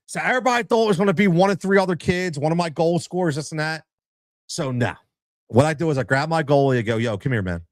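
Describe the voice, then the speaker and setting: A man's voice: fairly high pitch, fast, dry recording, studio quality. A man hosting a podcast, telling a story in a casual, emotional way and often tossing in "man" and "right?". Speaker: podcast host.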